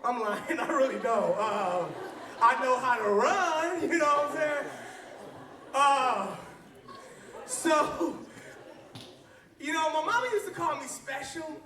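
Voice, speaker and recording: A man's voice: extremely high pitch, expressive, slow, long pauses, far from the mic. A man from Flint preaching as a youth pastor to teenagers in a church hall, joking, laughing and calling out to the crowd for responses. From Flint, Michigan. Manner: playful, call-and-response, often laughing.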